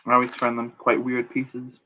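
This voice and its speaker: A man's voice: mid-range voice, monotone, moderate pace, pushed and bright. A young man in easy live-stream chat, with an everyday mid-range voice. He responds to viewers and makes light jokes about himself as he works. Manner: chatty, reads chat aloud, self-deprecating jokes. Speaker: streamer building Lego live.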